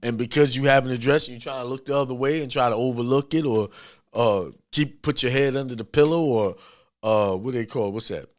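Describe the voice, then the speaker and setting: A man's voice: mid-range voice, a little fast, no room sound, studio quality. A man giving an informal motivational sermon, talking bluntly and emphatically, often repeating himself. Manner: emphatic, repetitive, talks straight and blunt. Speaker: spiritual speaker.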